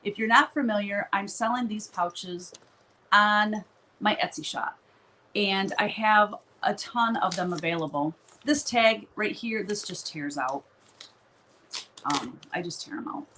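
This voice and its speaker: A woman's voice: mid-range voice, measured pace, bright, forceful tone, slight background noise, low-quality recording. A woman hosting a live stream from her studio, chatting casually in a rambling way and laughing often.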